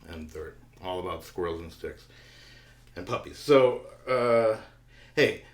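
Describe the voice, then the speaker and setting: A man's voice: low voice, animated, slow. A man hosting a storytelling show over a video call, joking and loose. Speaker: host. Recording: echoey room.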